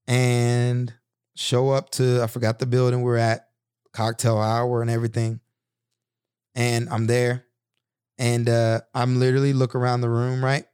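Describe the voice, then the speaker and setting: A man's voice: medium pitch, completely flat delivery, unhurried, a little mellow, clear, resonant tone, dry recording, clean studio sound. A man in his thirties hosting a podcast, telling personal stories in an earnest, reflective monologue with frequent restarts. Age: 30s. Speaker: podcast host.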